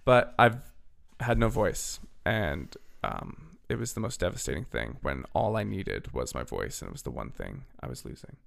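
Chatty young man with a gravelly voice. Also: sits low, very animated, normal speed, fairly bright tone. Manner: chatty, filler-heavy, "literally" and "like". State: slightly hoarse, losing his voice. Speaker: podcast host. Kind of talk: casual storytelling.

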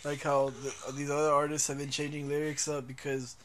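A young man chats casually and profanely, laughing often and trailing off mid-sentence. His voice is a little high for a man. A faint hiss sits behind him. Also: completely flat delivery, fairly bright tone. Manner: profane, laughing, halting restarts. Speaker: podcast co-host. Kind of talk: casual chat.

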